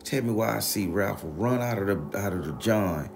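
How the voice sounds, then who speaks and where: A man with a low, gravelly voice recounting a story in a loose, slangy way. He swears freely and keeps the telling animated. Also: normal speed, noisy background. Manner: profane, animated, slangy retelling. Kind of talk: casual spoken storytelling.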